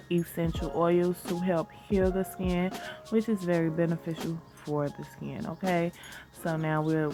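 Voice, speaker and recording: Low-voiced woman, scratchy from a cold, chatty soap-making how-to, calls everyone y'all. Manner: chatty, addresses viewers as y'all. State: getting over a cold, hoarse. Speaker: soap maker and shop owner. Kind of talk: casual how-to narration. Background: background music.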